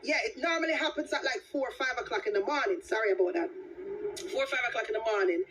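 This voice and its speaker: High-voiced woman telling a story. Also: fast, breathy edge. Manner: animated storytelling with dramatic exclamations. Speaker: livestream host. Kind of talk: casual livestream chat. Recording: distant mic with background noise.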